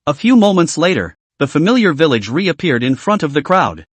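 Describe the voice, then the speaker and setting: A man narrating a manhua recap in a plain, steady storytelling manner. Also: a little high, fairly quick, hardly any pauses, slightly rough, no echo.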